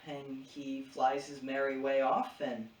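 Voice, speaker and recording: A man's voice: medium pitch, monotone, takes it slowly. A man co-hosting a podcast, casually recapping a show's plot. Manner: retells plot casually, slipping into quoted voices. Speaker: podcast co-host. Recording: echoey room, distant mic, faint hum.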